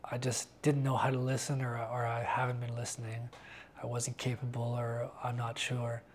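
A man giving a candid interview about his faith, talking earnestly and haltingly with frequent restarts. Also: mid-range voice, monotone, a little hiss or hum. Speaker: interviewee sharing a personal faith testimony.

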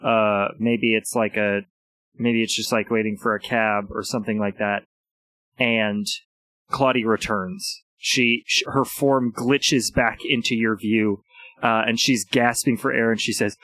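A man's voice: fairly low pitch, fairly even intonation, a little slow, fairly bright tone, low-quality recording. Man narrating a tabletop game. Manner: descriptive narration with hesitant fillers. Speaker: game master. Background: background music.

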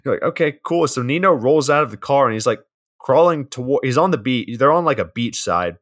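A man's voice: medium pitch, lively intonation, brisk, a bit bright. A man co-hosting a podcast, casually recapping a film's plot with frequent swearing. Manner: laid-back plot recap, swears often. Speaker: podcast co-host. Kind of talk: casual movie review chat.

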